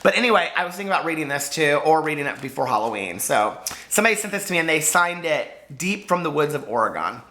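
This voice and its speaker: A man chatting to camera as a book vlogger, gushing and full of fillers, hoarse from losing his voice. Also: a little high, sing-song, fast, bright, forceful tone. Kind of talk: casual chat to camera.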